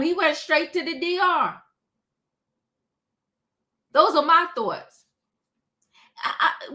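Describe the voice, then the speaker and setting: A woman giving casual commentary on a reality show, acting out quotes with lively, rising voices. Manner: animated, acts out quotes with rising pitch. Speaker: reality show recap host.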